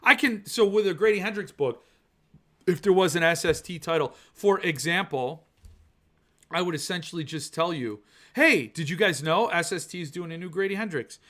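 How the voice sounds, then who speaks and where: A male podcast host ranting excitedly about books, swearing when annoyed and reading viewer comments aloud. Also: high-pitched, normal speed. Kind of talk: ranting book-talk livestream.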